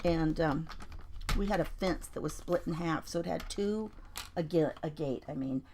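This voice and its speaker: Chatty woman from Colorado, lower voice, host of a craft stream, slight hiss under the voice. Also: moderate pace, a little mellow. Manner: chatty, storytelling, greets viewers by name. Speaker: junk journal crafter on a livestream. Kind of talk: casual craft livestream chat.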